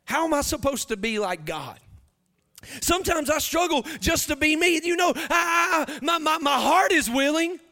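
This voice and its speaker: A man in his thirties with a drawl preaches a confessional sermon. His voice sits very high and rings bright and forceful, swelling into loud, half-sung emphasis as he presses each point. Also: animated, moderate pace. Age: 30s.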